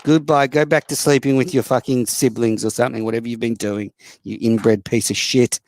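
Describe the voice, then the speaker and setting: A man's voice: medium pitch, fairly even intonation, a little fast, a little mellow, dry recording. Australian man, show host, blunt and sweary, mocking, dry close sound. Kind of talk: casual solo call-in show.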